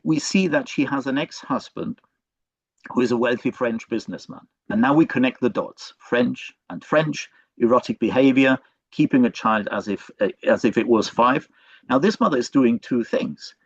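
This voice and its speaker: A male professor gives an online lecture in a halting way, stopping often on fillers and restarting his phrases. The sound is dull and lo-fi, and the room is dry and close. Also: mid-range voice, dry recording. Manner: hesitant, many fillers and restarts.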